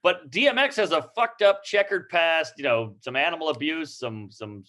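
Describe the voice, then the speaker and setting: A man co-hosting a podcast, chatting casually with quick reactions and swearing. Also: a little high, animated, sharp tone. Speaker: podcast co-host. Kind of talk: casual chat.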